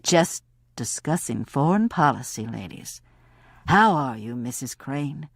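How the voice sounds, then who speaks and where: A woman's voice: rumbling low, animated, measured pace, gravelly, breathy edge, dry recording, studio quality, pitched below the performer's own voice, heavily acted. A woman voicing a big, genial Southern senator, a folksy good old boy with an easygoing drawl.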